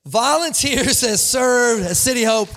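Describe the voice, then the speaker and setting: High-voiced, upbeat male pastor preaching. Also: lively intonation, a little slow, a bit bright, slight background noise. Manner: upbeat, engages the congregation with questions. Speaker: lead pastor. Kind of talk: live church sermon. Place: church sanctuary.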